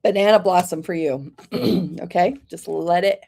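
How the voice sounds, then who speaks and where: A woman giving live oracle card readings to viewers, calling them by name in a gentle, reassuring, chatty way and often clearing her throat. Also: fairly low pitch, a little slow.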